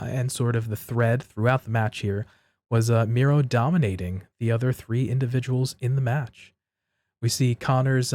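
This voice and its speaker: A podcast co-host recaps wrestling matches step by step, speaking casually and steadily. His voice is medium in pitch with a darkish tone.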